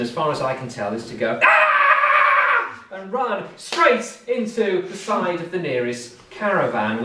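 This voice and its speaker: A lively British man with a medium-pitched voice tells a story live to a crowd in an indoor event hall. He's chatty, throwing in asides and questions for the audience. The recording sounds roomy, as if captured from far off in the hall.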